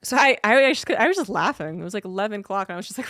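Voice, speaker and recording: A woman's voice: mid-range voice, lively intonation, very fast, a bit bright, no echo, clean studio sound. A woman streamer in a casual livestream chat, telling a rambling, cursing story.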